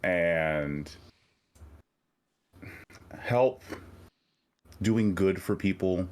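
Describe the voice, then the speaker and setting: Slow deep-voiced man musing. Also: darkish tone. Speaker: tabletop game player. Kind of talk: in-character roleplay.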